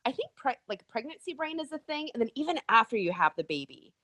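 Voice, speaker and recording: Lively woman telling a story on a podcast. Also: fairly high pitch, fast, dry recording. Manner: animated storyteller, mixes in laughs. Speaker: podcast guest. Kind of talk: casual podcast chat.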